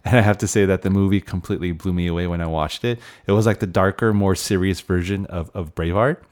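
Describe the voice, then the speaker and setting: Brief: man, 40s, very low voice, relaxed podcast host steering a movie talk. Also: quick pace. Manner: steers the talk, hands off questions. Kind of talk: casual film review chat.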